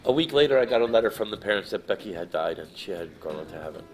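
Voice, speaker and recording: A man telling a story to a live audience, animated and emotional, swinging from hushed to loud. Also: low-pitched, very fast, soft background music. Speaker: guest storyteller.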